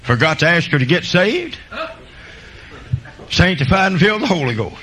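A preacher man delivering a sermon as a string of folksy country stories. His voice rides a very lively pitch, shooting up into loud high bursts and dropping into low, quiet asides, with a bright, forceful edge. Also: normal speed, low-quality recording.

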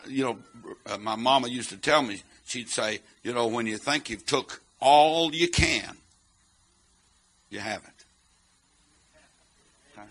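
A man preaching a sermon in church, moving between joking chat and chanted shouting punctuated by amens. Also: mid-range voice. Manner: chanting, swelling to shouts, answering "amen" after phrases; chatty and joking in quieter stretches.

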